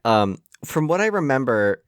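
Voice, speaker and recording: A man's voice: mid-range voice, very animated, moderate pace, clean tone, no echo, clean studio sound. A man co-hosting a casual podcast chat, talking hesitantly with lots of "like" fillers. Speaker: podcast co-host.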